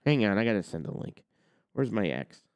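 A man's voice: on the low side, sing-song, brisk, clear, resonant tone, no room sound, highs cut off. A man hosting a trucking business show, ranting on a livestream and firing off rhetorical questions. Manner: argumentative, fires off rhetorical questions. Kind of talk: livestream rant.

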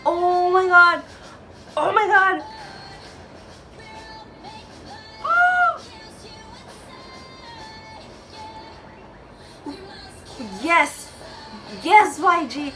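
High, excitable woman reacting to a video. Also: slow, pauses often, poor audio. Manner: excitable, gushing exclamations. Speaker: DJ and reaction vlogger. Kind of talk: casual music video reaction. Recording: music video playing loudly behind the voice. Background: music video playing.

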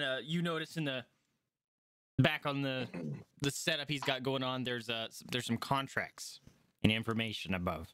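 A man's voice: mid-range voice, sharp tone, slight background noise. A man narrating as game master, loose and hesitant with fillers.

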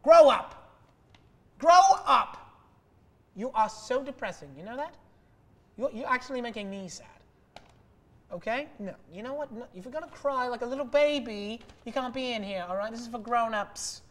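A woman's voice: fairly high pitch, brisk. A young woman in a student sketch comedy, playing an impatient, mocking therapist. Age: young adult.

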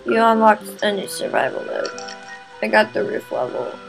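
A young woman giving excitable let's play commentary, often yelling at the game. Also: mid-range voice, moderate pace, creaky. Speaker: gamer. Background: game music.

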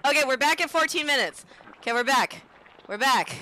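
Bright, giggly high-voiced woman streamer. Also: animated, a little fast, faint music behind. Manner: giggly, playfully self-censoring with silly stand-in words. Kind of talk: casual gameplay chat.

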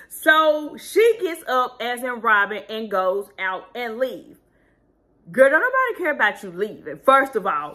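A woman's voice: a little high, measured pace. A woman giving casual, sassy commentary as a reality TV recap vlogger, talking animatedly. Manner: sassy, animated, does voices when quoting people.

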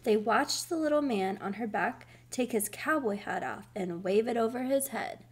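A woman reading a children's book aloud, slow, careful and expressive. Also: fairly high pitch, slightly rough. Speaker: storybook reader.

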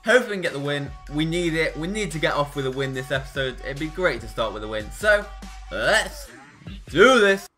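Young man, gaming commentary, high bright voice, excitable, faint music behind. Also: brisk. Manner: excitable, swings from groans to shouts. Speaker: gaming YouTuber. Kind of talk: live gameplay commentary.

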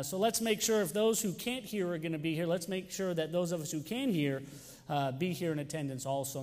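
A man's voice: fairly high pitch, darkish tone. A young man, a youth pastor making joking announcements and telling stories to his congregation. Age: young adult. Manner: chatty, joking, talks to the congregation by name. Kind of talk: sermon announcements and storytelling. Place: church sanctuary. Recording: long hall reverb.

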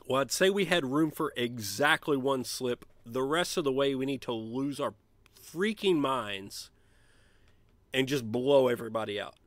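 A man streaming a college basketball management game, chatting casually and shouting gleeful trash talk when his team wins. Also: mid-range voice, a little slow, no echo. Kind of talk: let's play commentary.

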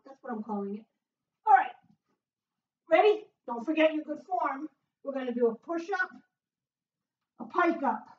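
A woman's voice: high voice, fairly bright tone. A woman coaching a home workout, upbeat and encouraging with frequent whoops, often out of breath. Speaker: fitness instructor. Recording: echoey room, far from mic, dull sound.

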